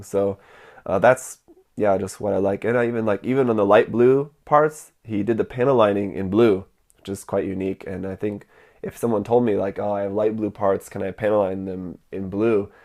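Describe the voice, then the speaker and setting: A man's voice: fairly low pitch, gravelly, darkish tone. A man hosting his model kit video channel, talking casually with many fillers and a nasal voice from a cold.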